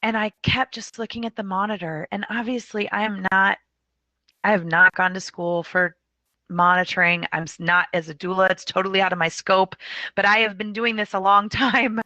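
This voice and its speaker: Bright-voiced woman telling a story. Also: medium pitch, level tone, moderate pace, dry recording, muffled recording. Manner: emotional, vivid retelling with acted-out quotes. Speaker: doula and consumer advocate. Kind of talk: personal storytelling in a presentation.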